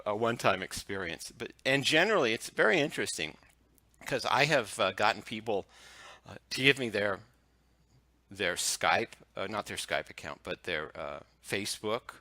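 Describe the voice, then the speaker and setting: A man, a hypnotist, telling anecdotes in a relaxed, chuckling way during a casual interview over a video call. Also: lowish voice, moderate pace, no echo. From United States. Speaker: hypnotist guest.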